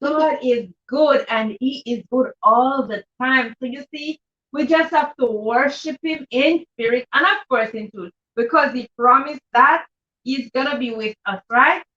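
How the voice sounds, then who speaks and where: Woman host of a live stream, sounds distant and lo-fi; repeats viewer names with affectionate shout-outs. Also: high-pitched, unhurried. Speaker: host of a live-streamed children's reading show. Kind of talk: casual live-stream chat, reading out comments. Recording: roomy, distant, dull lo-fi sound.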